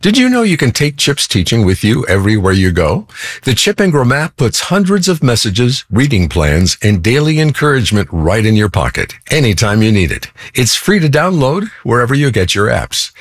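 A male announcer delivering a scripted promo with a lively, swinging intonation. The recording is dry and close, with no room sound. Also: medium pitch, moderate pace, dry recording. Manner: polished, promotional. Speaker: radio show announcer.

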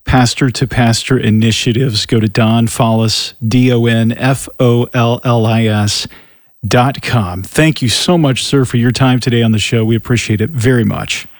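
A man hosting a radio show, wrapping up an interview in a measured, courteous way. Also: medium pitch, steady tone, no echo, clean studio sound.

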